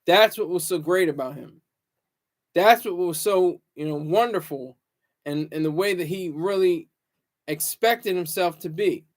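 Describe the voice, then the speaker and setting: A man hosting his own talk show, speaking in a halting, rambling way with lots of repeated words and fillers, earnest and reflective. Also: high-pitched. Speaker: show host. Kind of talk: solo talk-show monologue.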